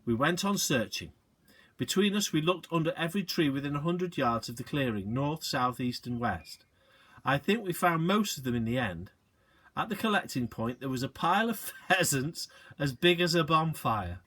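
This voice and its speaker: A male teacher reading a children's book aloud, expressive, with short asides to the listeners. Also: fairly high pitch, moderate pace.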